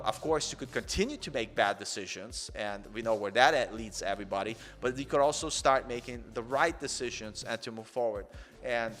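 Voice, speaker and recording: A man's voice: mid-range voice, a bit bright, in a large hall. A man in his forties hosting a coding channel in an earnest, rambling live-stream chat, peppered with "man". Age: 40s.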